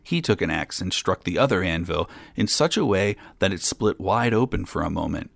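A man reading a fairy tale aloud in a calm, steady storytelling manner. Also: sits low, normal speed, gravelly, no echo.

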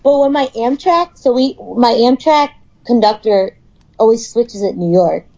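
Thirtysomething woman cohosting a podcast, blunt, swears, kinda high voice, dull lo-fi audio. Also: lively intonation, unhurried, a little mellow. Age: 30s. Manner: blunt, swears, laughs a lot. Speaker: podcast co-host. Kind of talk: casual chat.

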